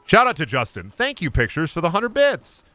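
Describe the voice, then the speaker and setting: A man streaming a game, chatting in an animated, rambling, profane way. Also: a little high, normal speed, faint music behind. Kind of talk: casual livestream gameplay chat.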